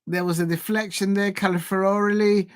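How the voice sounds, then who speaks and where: A man hosting a live football watch-along on his channel, chatty and excitable and jumping to shouts at big chances. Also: high-pitched, moderate pace, clean tone, no echo.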